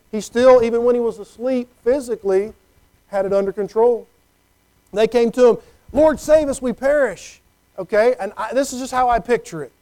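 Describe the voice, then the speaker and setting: A middle-aged pastor with a high-sitting, mellow voice gives a conversational sermon, frequently checking in with "okay?" The recording quality is low.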